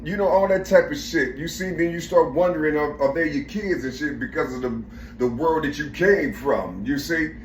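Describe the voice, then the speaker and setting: High-voiced man rambling in an echoey room. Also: normal speed, slight background noise. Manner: profane, repetitive, searching for words, keeps saying "you see". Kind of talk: rambling personal monologue.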